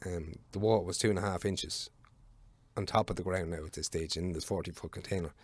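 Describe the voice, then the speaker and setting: A man's voice: sits low, steady tone, brisk, breathy edge, no room sound. A man in his thirties with an Irish accent, a podcast guest telling a long work story casually, rambling with plenty of fillers and swearing freely. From Ireland. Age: 30s.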